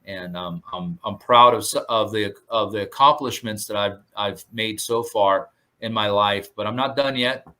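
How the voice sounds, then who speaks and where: Bright-voiced earnest surf instructor man. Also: lowish voice, moderate pace, few pauses. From Southern California. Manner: earnest, grateful, many fillers and restarts. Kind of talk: casual interview chat.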